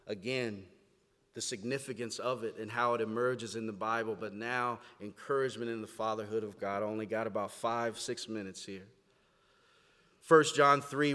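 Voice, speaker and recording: Preaching man echoing through a hall. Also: lowish voice. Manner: earnest preaching that swings between quiet reflection and loud emphatic declaration. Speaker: pastor. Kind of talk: sermon. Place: church sanctuary, standing before a congregation.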